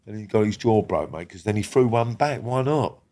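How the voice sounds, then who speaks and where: A middle-aged man, a guest in a casual podcast interview, talking bluntly with lots of swearing and often dropping to a quiet murmur. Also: lively intonation, fairly quick. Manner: blunt and heavy on swearing, drops to a low murmur.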